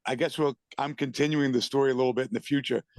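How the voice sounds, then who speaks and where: A man's voice: mid-range voice, steady tone, quick pace, no room sound. A man from the Boston area, a band member and guest, telling stories casually and loosely over a video call. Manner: loose, repeats himself while telling stories. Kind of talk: casual storytelling.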